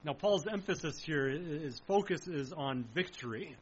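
A man preaching a sermon in an earnest, emphatic way, slowing down to stress key phrases. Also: fairly high pitch, highs cut off, slight background noise.

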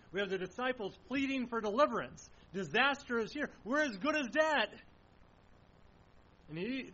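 A man's voice: sits high, fairly bright tone, highs cut off, slight background noise. A man preaching a sermon in an earnest way, asking rhetorical questions as he explains the passage. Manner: earnest, uses rhetorical questions, some restarts.

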